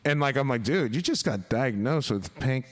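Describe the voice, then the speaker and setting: A man's voice: medium pitch, expressive, normal speed. A man telling a long, rambling story as a podcast guest, swearing constantly and laughing along. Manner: profane, rambling, laughs through his stories. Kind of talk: casual storytelling.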